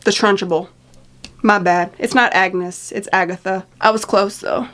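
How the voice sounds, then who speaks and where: A woman's voice: mid-range voice, fairly even intonation, unhurried, a bit bright. Rambling young woman vlogging about books. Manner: chatty, rambling, swears casually, laughs at own slips. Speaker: book vlogger. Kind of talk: casual chat reading book blurbs.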